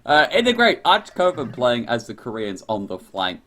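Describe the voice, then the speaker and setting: A young man talks through a team strategy match in a loose, rambling way. He keeps correcting himself as he goes, and his voice rises and falls a lot in pitch. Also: wildly swooping pitch, moderate pace, bright, forceful tone. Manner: rambling, chatty, self-correcting. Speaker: game commentator. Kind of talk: casual live game commentary.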